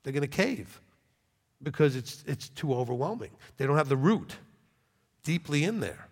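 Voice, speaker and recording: A pastor preaching a sermon in a church in a conversational, animated way, often checking in with "okay?". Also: male voice, a little high, normal speed, big-room sound.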